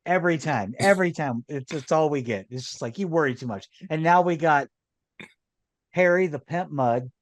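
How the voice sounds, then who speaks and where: A man's voice: on the high side, moderate pace, no echo. A man co-hosting a podcast in casual chat, joking and laughing often as he talks. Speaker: podcast co-host.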